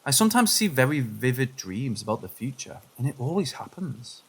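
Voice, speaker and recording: A man narrating submitted paranormal stories in a steady, scripted reading voice. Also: medium pitch, fairly quick, creaky, husky.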